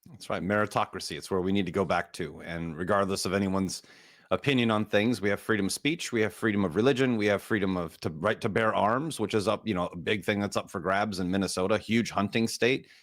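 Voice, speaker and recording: Low-voiced male host, dry sound. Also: fairly quick, no room sound. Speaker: podcast host. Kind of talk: conversational interview.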